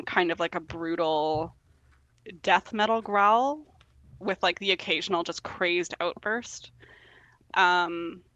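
A woman, a guest on a podcast, reviewing an album in a relaxed, casual chat full of ums. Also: on the low side, creaky, no echo, low-quality recording. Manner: relaxed, hesitant with frequent ums.

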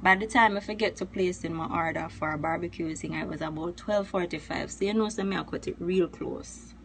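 A woman's voice: fairly low pitch, brisk, vocal fry, slight background noise. A woman chatting through a story in a vlog.

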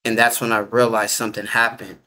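A man's voice: on the low side, flat delivery, a little fast, bright, forceful tone. A man telling his story in a loose, casual way, full of filler words and informal grammar. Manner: rambling, heavy use of filler 'like'. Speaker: interview guest.

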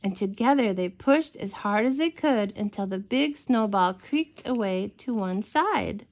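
A woman reading a bedtime story aloud to children, gentle and expressive. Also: medium pitch, a little slow.

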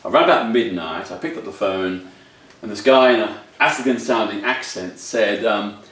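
A man giving a public talk, recounting a story in a measured, anecdotal way with small restarts. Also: lowish voice. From United Kingdom. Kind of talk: storytelling lecture. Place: public hall. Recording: echoey hall, distant mic.

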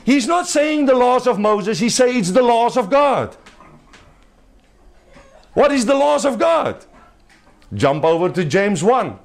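Preaching to a small group in someone's home, this man has a strikingly high voice and a creaky edge. He is emphatic yet conversational and very animated, keeps a measured pace with frequent pauses, and laughs lightly as he goes.

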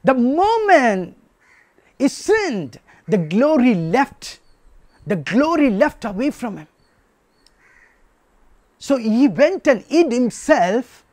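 A man delivering a sermon in a high voice that swings widely in pitch. He speaks slowly and leans on repetition and rhetorical questions. The sound is close and dry. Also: a little mellow, no echo. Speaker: preacher.

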